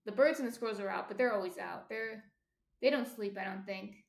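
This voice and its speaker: A New Jersey woman chats casually with her live-stream viewers while baking at home near the kitchen, often trailing off with ums. Her mid-range voice is creaky and a little fast. The recording has a roomy echo.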